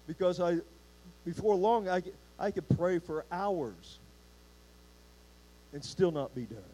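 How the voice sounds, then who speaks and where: A male pastor preaches in a church with a mellow, somewhat high voice. He speaks unhurriedly, often repeating words as he restarts, and keeps putting questions to the congregation. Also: animated, slow, low-quality recording. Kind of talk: sermon.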